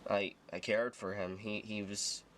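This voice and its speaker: A man in a video telling a personal story in a halting, hurt way, repeating himself. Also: lowish voice, flat delivery, a little hiss or hum. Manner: halting, hurt, quiet retelling.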